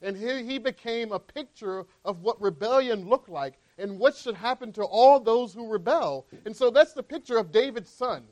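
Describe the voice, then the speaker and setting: Male preacher, high voice, conversational sermon delivery with frequent "right?" check-ins. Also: lively intonation, moderate pace, few pauses, darkish tone. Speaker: pastor.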